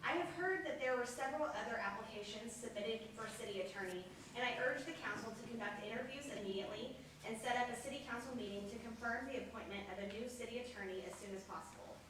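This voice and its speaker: A woman reads her prepared public comment briskly and formally, citing legal code. She is picked up from a distance in a very echoey chamber, with clear room noise behind her. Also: a little high. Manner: brisk, formal, cites statutes. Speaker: public commenter at a council meeting. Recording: echoey council chamber from far off.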